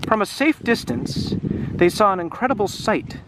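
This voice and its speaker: A man's voice: sits high, moderate pace, gravelly. A man reading a children's picture book aloud outdoors by the water, chatting and asking the listener questions as he goes. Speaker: English teacher reading to children. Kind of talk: read-aloud storytelling with questions. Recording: loud wind noise outdoors.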